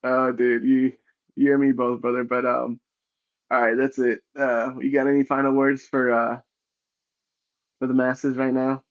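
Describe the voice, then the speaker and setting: A man's voice: mid-range voice, little pitch movement, measured pace, pauses often, narrow, tinny audio. A man hosting a podcast in casual chat, easygoing, prompting his co-host with short reactions.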